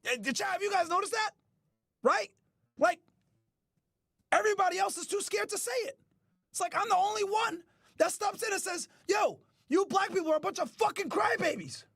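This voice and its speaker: A man hosting a podcast, ranting loudly with profanity, often shouting and mocking others in whiny put-on voices. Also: very high-pitched, expressive, moderate pace, creaky, pauses often, dry recording, clean studio sound. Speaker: podcast host. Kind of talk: ranting commentary.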